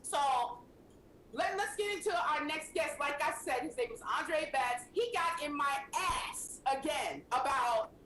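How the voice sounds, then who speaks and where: A woman hosting a casual radio talk show, talking in an emphatic, animated way. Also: high-pitched, a little slow, reverberant, a little hiss or hum, poor audio.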